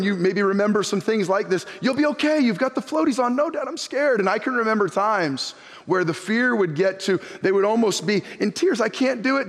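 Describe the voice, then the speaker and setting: A middle-aged male pastor preaching a sermon, telling stories and acting out his children's voices, slowing and softening on key points. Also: sits high. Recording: long hall reverb.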